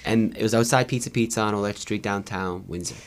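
Fast-talking low-voiced man telling stories. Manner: fast, animated storyteller acting out dialogue. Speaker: guest, content creator. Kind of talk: casual storytelling.

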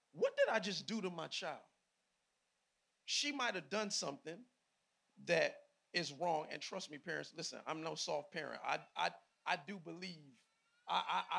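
A man in his thirties preaching a sermon, a father of a preteen daughter, with sudden loud bursts and asides to the congregation. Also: a little high, creaky. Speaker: pastor.

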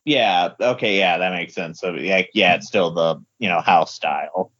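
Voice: sits low, normal speed, fairly bright tone, muffled recording. A podcast guest chatting casually about comics, hesitant and full of fillers. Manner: hesitant, many fillers, laughs along. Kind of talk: casual comic book discussion.

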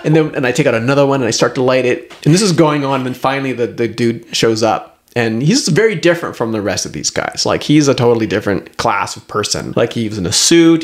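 A middle-aged man, a guest on the show, telling a personal story in an animated, rambling way full of fillers. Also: medium pitch. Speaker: guest, herbalist. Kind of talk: storytelling in conversation.

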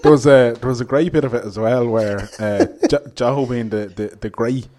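An Irish man telling animated, laughing stories as a guest in casual podcast chat. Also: medium pitch, moderate pace. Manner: animated storyteller, laughs often.

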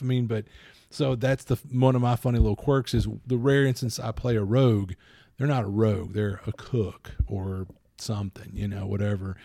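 Gravelly, rambling podcast co-host man. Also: lowish voice, brisk, no echo, clean studio sound. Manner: rambling, animated, acts out quoted voices. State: addled by allergies. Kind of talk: casual chat.

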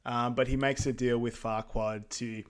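A man's voice: medium pitch, level tone, normal speed, clean tone. A man co-hosting a podcast, summarizing a film's plot in an easygoing, casual way. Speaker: podcast co-host. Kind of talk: casual film recap chat.

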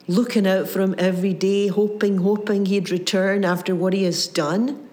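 A woman preaching a sermon, retelling a parable with lively voiced quotes and frequent restarts. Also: mid-range voice, normal speed. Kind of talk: sermon storytelling.

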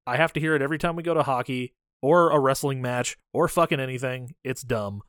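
A man's voice: mid-range voice, brisk, fairly bright tone, no echo, clean studio sound. A man in his thirties co-hosting a casual movie podcast, ranting and swearing freely. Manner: profane, ranting, opinionated. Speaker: podcast co-host.

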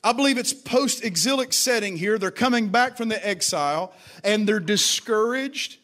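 Man, pastor, sermon, high voice, emphatic, repetitive, calls on congregation. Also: animated, normal speed, fairly bright tone. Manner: emphatic, repeats lines, calls for congregation responses. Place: church service with congregation.

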